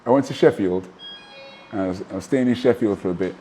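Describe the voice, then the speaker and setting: A middle-aged man recounts his stories in a casual interview. His voice is dark and mellow, and his delivery is animated and full of asides and restarts. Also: fairly low pitch, quick pace, a little hiss or hum. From Manchester, England. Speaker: guest, former professional boxer.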